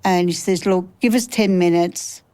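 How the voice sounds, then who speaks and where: A woman in her sixties recounting a traumatic night in an interview, halting and reliving the events as she quotes what others said. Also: lowish voice, a little mellow, clean tone, low-quality recording. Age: 60s. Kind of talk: recounting a personal ordeal in an interview.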